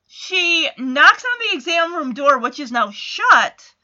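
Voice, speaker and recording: A woman's voice: sits high, very animated, takes it slowly, bright, forceful tone, lo-fi sound. A woman chatting through a casual episode recap, with amused asides.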